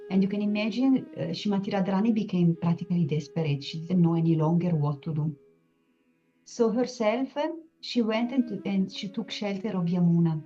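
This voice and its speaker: A woman telling a devotional story in a halting way, with many pauses and restarts. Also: medium pitch. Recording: dull lo-fi sound, soft music behind.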